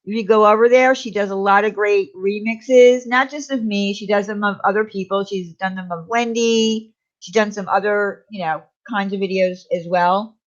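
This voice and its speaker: A woman co-hosting a casual live chat show, talkative and quick to laugh, trailing off between thoughts. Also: medium pitch, steady tone, dull audio. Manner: chatty, laughs often, trails off. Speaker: livestream co-host.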